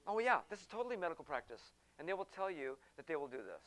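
A middle-aged man hosting a talk, telling a personal story in an animated way and acting out the people he quotes. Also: on the high side, quick pace, poor audio.

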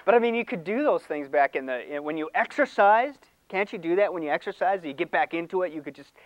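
Animated older male preacher, dry sound. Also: high voice, quick pace, no echo, dull audio. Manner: animated, conversational preaching with laughs and mock voices. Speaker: pastor. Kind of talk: sermon.

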